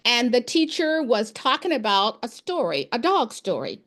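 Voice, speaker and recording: A woman's voice: a little high, normal speed, few pauses. A woman, a former principal and education expert, telling classroom stories in an informal interview and acting out the dialogue. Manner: animated, acts out dialogue in her anecdotes.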